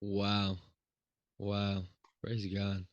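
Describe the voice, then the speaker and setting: A man's voice: lowish voice, completely flat delivery, very slow, highs cut off. A man hosting a podcast interview, affirming his guest with short reactions. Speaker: podcast host. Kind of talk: casual interview.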